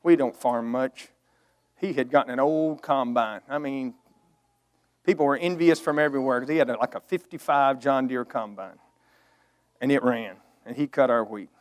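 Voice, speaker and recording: A man's voice: medium pitch, normal speed. A middle-aged man preaching a storytelling sermon, earnest and emotional, swelling to emphatic outbursts.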